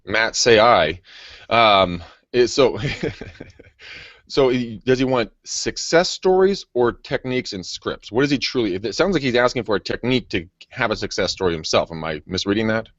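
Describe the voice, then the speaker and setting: A man with a lowish voice tells stories in a loose, animated way and laughs a lot. The sound is dull and lo-fi, and the room is dry with no echo. He is a real estate agent. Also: normal speed. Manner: animated, laughs often, acts out quotes. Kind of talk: casual storytelling.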